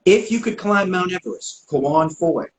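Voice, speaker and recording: A man's voice: sits high, moderate pace. Joking male host in an echoey room. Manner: relaxed, joking questioner. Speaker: interview host. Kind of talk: casual interview questions.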